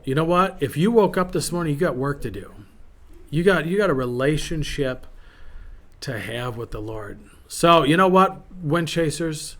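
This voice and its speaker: A man in his fifties, a pastor preaching with emphatic bursts and quieter asides. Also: fairly high pitch, expressive, fairly quick, creaky. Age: 50s. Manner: emphatic, swings from loud exhortation to quiet asides. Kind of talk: podcast sermon.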